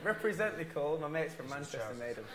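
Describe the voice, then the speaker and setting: A man's voice: a little high, lively intonation, fast, very noisy. A man on a press panel, chatting in an upbeat, enthusiastic way. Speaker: cast member on a panel. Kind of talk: casual chat at a live press event.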